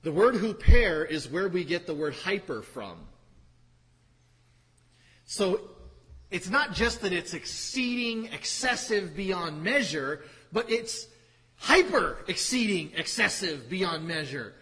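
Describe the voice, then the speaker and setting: A man's voice: high-pitched, big pitch swings, slow pace, fairly bright tone, husky. A man preaching a sermon, teaching from scripture with emphatic repetition and wry asides. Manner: emphatic, repeats phrases, wry sarcastic asides. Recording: hall reverb.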